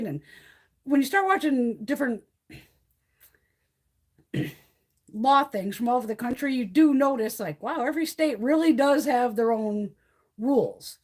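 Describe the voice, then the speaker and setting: A middle-aged woman from Connecticut, chatting casually on a live stream from her phone at home, telling rambling, profane stories. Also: fairly high pitch. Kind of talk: casual chat. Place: home by a wood stove.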